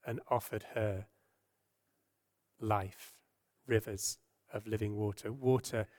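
A man preaching a sermon, earnest and gentle, asking rhetorical questions and dropping his voice and slowing down when he quotes scripture. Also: mid-range voice. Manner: softens and slows when quoting scripture.

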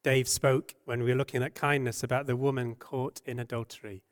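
A man preaching a sermon, earnest and gentle, asking rhetorical questions and dropping his voice and slowing down when he quotes scripture. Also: medium pitch, little pitch movement. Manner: softens and slows when quoting scripture.

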